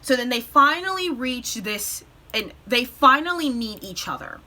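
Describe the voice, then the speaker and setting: Tearful, excitable young woman recapping a show. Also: on the high side. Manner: tearful, breaks off to compose herself; animated retelling with quick bursts. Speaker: vlogger.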